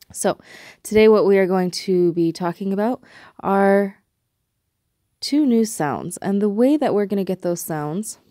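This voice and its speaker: A woman teaching a recorded language lesson, patiently explaining step by step and repeating example words slowly. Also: low-pitched, dark tone, dry recording, studio quality.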